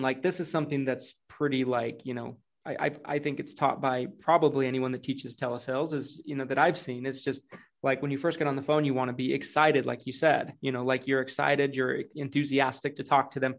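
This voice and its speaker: A man's voice: medium pitch, little pitch movement, a little fast. A salesman appearing as a podcast guest, talking casually and filling his speech with many "like"s. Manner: chatty, uses many filler "like"s. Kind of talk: casual conversational podcast chat.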